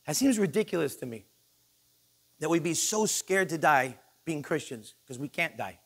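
A male pastor preaching a sermon in a church, animated and joking, acting out the people he quotes. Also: a little high, normal speed.

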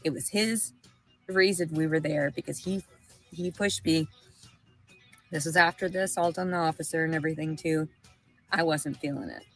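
A woman's voice: low-pitched, fairly even intonation, moderate pace, pauses often, soft background music, rough recording. A woman with a Southern American accent, rambling emotionally and swearing through a livestream monologue. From Arkansas, USA.

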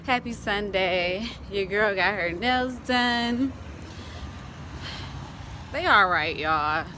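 Speaking very slowly with frequent pauses, this woman has a medium-pitched, bright, forceful voice over slight background noise. She chats and tells stories to viewers she calls "y'all" in a casual vlog, first at a lake, then cooking at home.

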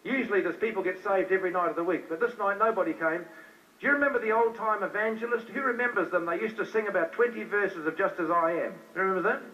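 In a distant, dull old live recording, a preacher from New Zealand delivers an evangelistic sermon to a hall. His high voice is pushed and bright, and he talks fast, repeating himself and peppering the crowd with questions.

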